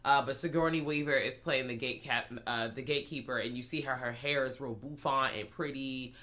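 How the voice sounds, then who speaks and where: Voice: medium pitch, steady tone, brisk, pushed and bright. A podcast co-host recapping a movie in casual, playful chat, often trailing off with fillers.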